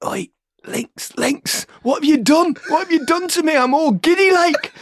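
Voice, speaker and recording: A man doing an impression of an excitable young footballer in a put-on Geordie accent, high and whining. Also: moderate pace, a little hiss or hum. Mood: giddy, whiny. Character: giddy overheated young male footballer, excitable.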